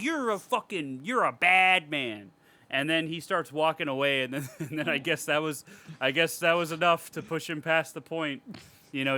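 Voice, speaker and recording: Male podcast co-host, fairly high and bright, loose profane rambler. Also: no echo. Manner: profane, rambling, laughs often. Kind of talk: casual horror movie chat.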